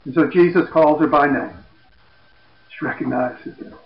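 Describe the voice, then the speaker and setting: A man retelling a Bible story as a lesson, in a plain storytelling voice that goes quiet for quoted speech. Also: a little high, moderate pace. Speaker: Bible teacher. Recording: echoey, dull lo-fi room.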